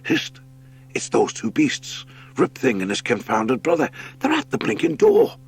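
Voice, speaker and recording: A man's voice: mid-range voice, wildly swooping pitch, measured pace, gravelly, husky, pitched above the performer's own voice, heavily acted. A man voicing a defiant male hare prisoner who speaks urgently in a storybook reading.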